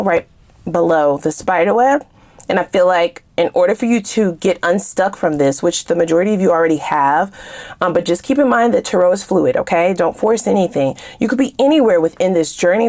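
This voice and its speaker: Brief: woman tarot reader, casual and sassy, animated, talks straight to her viewers, swears freely. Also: on the low side.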